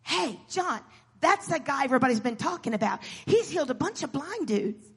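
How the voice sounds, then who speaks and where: A woman's voice: sits high, sing-song, a little fast. A woman voicing a blind male beggar who is desperate and eager, crying out at full voice, in a reverberant hall. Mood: curious, excited. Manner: cries out at full voice.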